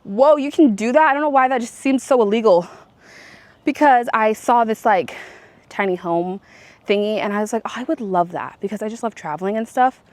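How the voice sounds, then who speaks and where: A woman's voice: medium pitch, brisk, no echo. A young adult woman chatting casually to her viewers in a vlog, rambling with lots of likes and self-corrections. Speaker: vlogger. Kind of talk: casual chat to camera.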